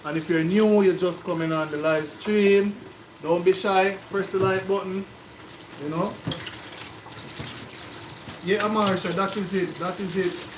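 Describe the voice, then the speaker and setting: A man's voice: high voice, fairly even intonation, unhurried, long pauses, noisy background. A man with a Jamaican accent co-hosting a cooking live stream, chatting to viewers and explaining things in patois. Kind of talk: casual live-stream chat.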